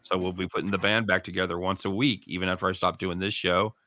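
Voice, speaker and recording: Middle-aged male radio host, lowish, punchy, bright voice, profane and excitable, dry close mic. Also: fast talker, no room sound. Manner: profane, excitable, laughs loudly. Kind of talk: casual sports talk banter.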